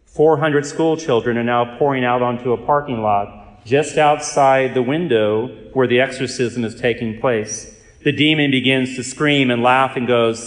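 A man, a Catholic priest and exorcist, giving an earnest, measured storytelling talk with touches of dry humor. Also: mid-range voice. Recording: echoey hall reverb.

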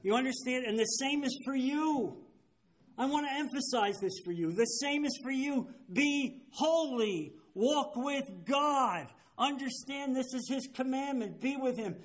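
Seventies male pastor, high-pitched, emphatic sermon delivery, keeps checking listeners follow. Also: moderate pace. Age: 70s. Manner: emphatic, keeps asking "you understand?". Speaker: pastor leading a Bible study. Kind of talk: sermon-style Bible teaching.

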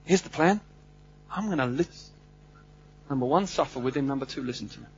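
A man preaching a sermon, animated and humorous, swinging between loud bursts and hushed asides. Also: medium pitch, fairly quick, highs cut off, slight background noise.

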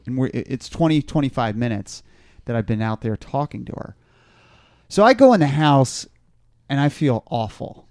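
A man's voice: mid-range voice, animated, normal speed, a little mellow, no room sound, clean studio sound. A man podcast host telling a long story in casual chat, rambling and stammering as he repeats words.

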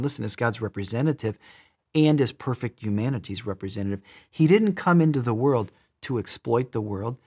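A man preaching a sermon in an emphatic way, repeating words and shifting between loud and soft. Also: medium pitch, breathy edge.

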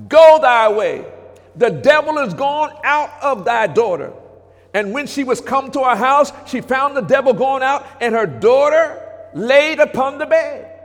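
High-voiced preacher man in a reverberant hall. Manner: preacherly, swings between hushed and shouted, talks back to congregation. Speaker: pastor. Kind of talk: sermon. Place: church sanctuary. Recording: long reverb of a church hall.

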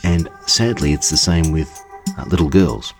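A man's voice: extremely low pitch, moderate pace. A man hosting a podcast, introducing listeners' contributions in a chatty, informal way. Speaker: podcast host. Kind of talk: podcast presenting. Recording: music playing behind the voice.

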